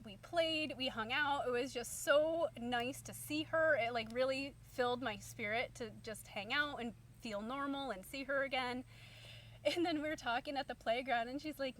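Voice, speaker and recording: A woman's voice: sits high, moderate pace, a bit bright. A woman in her thirties, a stay-at-home mom, telling a story to camera in a chatty, upbeat way full of fillers. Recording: distant mic, faint background hum.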